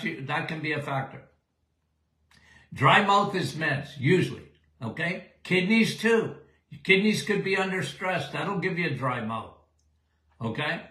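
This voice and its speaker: A man's voice: fairly high pitch, pushed and bright, reverberant. An older man hosting a live Q&A show as a doctor answering listener questions, folksy and emphatic, often checking in with "okay?".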